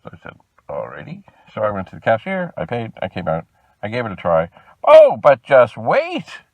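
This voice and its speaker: A man from Canada telling a long customer-service story, animated and exasperated in tone. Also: fairly low pitch, normal speed, vocal fry, no echo, highs cut off. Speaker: video host. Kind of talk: storytelling vlog.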